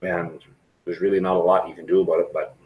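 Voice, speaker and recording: A man's voice: low voice, flat delivery, quick pace, narrow, tinny audio. A middle-aged man chatting frankly and rambling to viewers on a live stream from a restaurant. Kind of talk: casual live stream chat.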